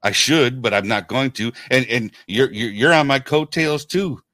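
Casual forties guy, bright tense voice, dry close sound, stammers and laughs a lot. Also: medium pitch, moderate pace, no echo. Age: 40s. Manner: stammering, laughs often, emphatic. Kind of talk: casual chat.

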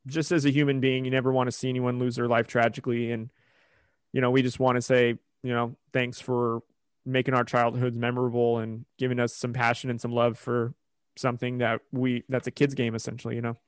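A man speaking earnestly and measured in a casual podcast conversation. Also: mid-range voice, monotone, clear, resonant tone, dry recording, studio quality.

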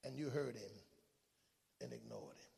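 A man preaching a fervent sermon in a church, swinging between hushed murmurs and shouted, repeated questions. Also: on the low side, huge pitch swings, moderate pace, creaky, in a large hall. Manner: fervent, repetitive preaching cadence. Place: church sanctuary.

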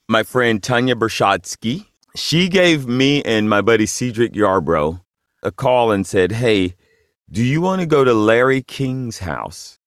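Low-voiced man, deadpan anecdote. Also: dry recording, studio quality. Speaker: actor telling a story. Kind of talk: casual anecdote.

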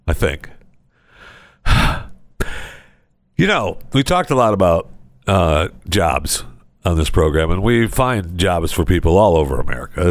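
A man's voice: deep voice, dry recording. Rambling, chatty male podcast host. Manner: rambling, conversational storytelling. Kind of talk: casual chat.

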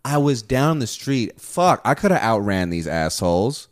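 A man's voice: mid-range voice, very animated, normal speed, no echo, clean studio sound. A young man in his twenties telling a crude, rambling story full of "like" fillers in casual chat.

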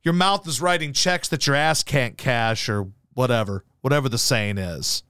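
A man's voice: medium pitch, normal speed, sharp tone, clear, resonant tone, dry recording, studio quality. A man hosting a talk show, telling rambling, profane stories in casual chat. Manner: profane, rambling storytelling full of fillers. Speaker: show host.

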